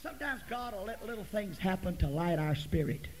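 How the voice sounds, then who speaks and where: Male preacher, high-pitched, folksy storyteller who swings from hushed asides to loud preaching; faint tape hiss. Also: lively intonation, brisk, rough recording. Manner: swings from soft near-whispers to loud preaching. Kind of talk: sermon.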